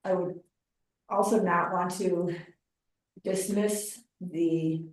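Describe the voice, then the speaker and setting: A woman's voice: on the low side, steady tone, slow pace. A woman on a town board, speaking hesitantly and searching for her words during a meeting. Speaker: board member. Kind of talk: public meeting discussion. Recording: echoey room, mic far off.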